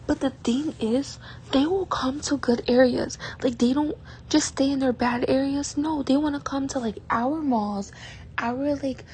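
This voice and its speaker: A young woman talking to camera in a casual vlog, soft-spoken and exasperated, often dropping to a near whisper and filling her sentences with "like.". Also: fairly high pitch, a little fast, a little hiss or hum, rough recording. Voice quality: breathy, often half-whispered. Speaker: vlogger.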